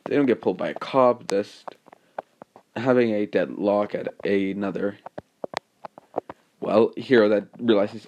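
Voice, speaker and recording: Low-voiced man rambling through a story. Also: a little mellow, a little hiss or hum. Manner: rambling, halting, frequent fillers. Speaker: fan fiction storyteller. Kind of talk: casual improvised story narration.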